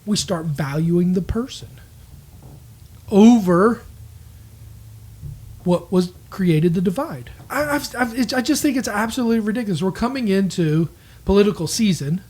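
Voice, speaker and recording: A man's voice: high-pitched, lively intonation, moderate pace, pauses often, darkish tone. A man co-hosting a marriage podcast, talking earnestly and candidly, owning up to his own faults. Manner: earnest, self-critical, quotes people in acted voices. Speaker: podcast co-host.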